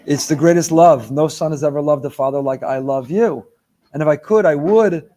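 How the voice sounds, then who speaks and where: A man's voice: medium pitch, steady tone, brisk, dark tone, pitched below the performer's own voice, lightly acted. A man voicing a grown son who gushes about his love for his father while making excuses. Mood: gushing. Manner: gushing, pleading. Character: doting adult son full of excuses.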